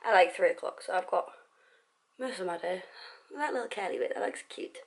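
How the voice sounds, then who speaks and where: A woman's voice: mid-range voice, lively intonation, fairly quick. A young woman chatting casually to her camera at home, giggly and self-deprecating. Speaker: vlogger. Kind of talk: casual vlog chat to camera. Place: at home indoors.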